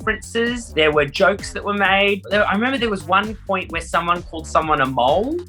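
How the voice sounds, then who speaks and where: Brief: young Australian man, drag performer, animated and jokey, bright forward voice, faint music under. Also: high-pitched, a little fast. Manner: animated, joking, swears freely. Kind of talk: casual interview.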